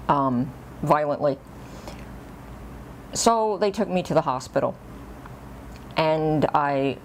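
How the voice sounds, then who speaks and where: A woman's voice: low-pitched, a little hiss or hum. A woman vlogger telling a personal story in a casual, rambling, self-deprecating way, with little chuckles.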